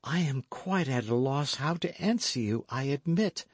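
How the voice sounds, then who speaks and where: A man's voice: mid-range voice, expressive, moderate pace, husky, dry recording, voice pushed up. A man voicing an anxious, frightened young Frenchwoman in an audiobook reading, speaking urgently and pleadingly.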